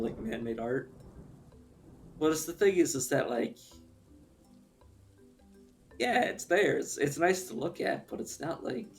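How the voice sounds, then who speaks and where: A young man chatting casually on a live stream, rambling through his opinions, swearing and laughing often. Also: a little high.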